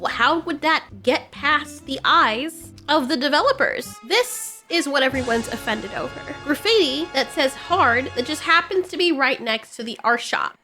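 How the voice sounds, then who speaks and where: A woman's voice: high voice, expressive, a little slow, hardly any pauses, bright, forceful tone, soft background music. A woman giving opinionated commentary on video games in a blunt, sarcastic way.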